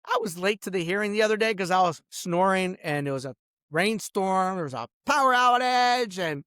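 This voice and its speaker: A man's voice: sits high, expressive, normal speed, fairly bright tone, clear, resonant tone, dry recording, studio quality. A man vlogging in a rambling, casual rant, swearing freely and saying "bro" constantly while reading messages aloud. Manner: eats and drinks wine while talking. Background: faint music.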